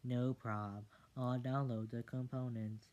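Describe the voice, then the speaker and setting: Chill talking computer, flat offhand slang, slow, storybook, a reader doing it. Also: medium pitch, highs cut off, lightly acted. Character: laid-back talking computer. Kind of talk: storybook reading aloud.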